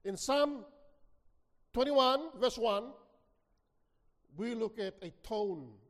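A man preaching a sermon, reading scripture dramatically, with sudden swings between near-hushed lines and shouted ones. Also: extremely high pitch, expressive, very slow. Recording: long hall reverb.

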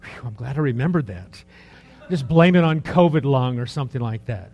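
A man in his early sixties preaching a sermon in a conversational, rambling way, full of rhetorical questions, dropping to soft asides and rising for emphasis. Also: medium pitch, fairly quick, lo-fi sound. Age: 60s. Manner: lively, swings between soft asides and raised emphasis. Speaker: pastor.

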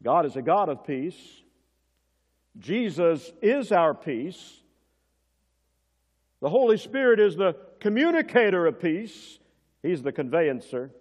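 A male preacher delivering a sermon, swinging between loud emphasis and hushed moments, and asking the congregation questions like a teacher. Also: sits high, very animated, moderate pace. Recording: dull sound, long church reverb.

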